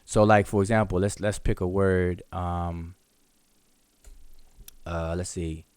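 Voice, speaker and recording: A man with a very low, deep voice teaches in a live online question-and-answer lesson. He explains step by step, often repeating and restarting words as he sounds out examples. The sound is dry and close to the mic. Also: steady tone, slow pace, a little mellow, clear, resonant tone, no room sound. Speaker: hieroglyphics teacher.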